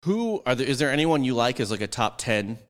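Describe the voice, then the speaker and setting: A man riffs loosely through a casual podcast chat, joking, swearing and sounding a little drunk. His voice sits at an ordinary middle pitch and trails off into a long room reverb. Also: very animated, brisk. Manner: joking, profane, mimics voices in bits.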